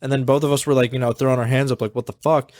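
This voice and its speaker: A man's voice: mid-range voice, little pitch movement, rapid-fire, darkish tone, no room sound, studio quality. A man co-hosting a podcast, speaking bluntly and swearing in casual storytelling chat. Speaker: podcast co-host.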